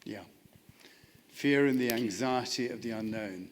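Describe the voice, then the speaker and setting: A man at mid pitch leads a chapel discussion. He speaks earnestly and reflectively, circling back with frequent restarts and "you know." His voice sounds ordinary and steady. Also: unhurried, a little hiss or hum. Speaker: presenter leading a chapel discussion. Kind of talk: reflective spiritual talk with congregation.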